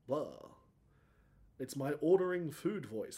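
Aussie guy in his 30s rambling on his podcast, bit high voice, cracks when he gets worked up. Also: animated, takes it slowly, long pauses, a little mellow. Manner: rambling, self-mocking, voice cracks upward when emoting. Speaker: podcast host. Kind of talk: solo podcast monologue.

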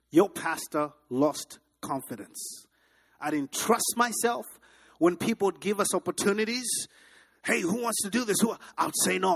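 Pastor, man from Africa, middle-aged; lively sermon storyteller with a raised voice. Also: a little high, husky. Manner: animated, dramatic, asks the congregation questions.

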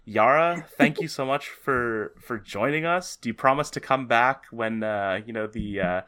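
A man's voice: mid-range voice, moderate pace, sharp tone, a little hiss or hum. A Canadian man co-hosting a podcast, joking in casual chat with plenty of stumbling restarts. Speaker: podcast co-host.

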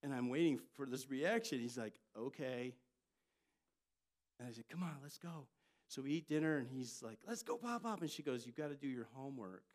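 An older man, a pastor, preaching a sermon and telling family stories with lively jumps in loudness. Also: medium pitch, normal speed. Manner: storytelling, animated delivery with jumps in loudness.

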